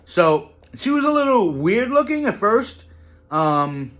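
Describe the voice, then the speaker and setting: Animated man telling a wild story. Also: takes it slowly. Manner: animated, profane, jumps pitch for emphasis. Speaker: vlogger telling a personal story. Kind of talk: casual storytelling.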